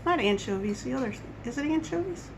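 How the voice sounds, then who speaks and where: A woman's voice: high-pitched, animated, brisk, gravelly, background noise. A woman vlogger talking at home in a casual coffee-chat monologue, rambling and wandering off on tangents. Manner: rambling, chatty, goes off on tangents.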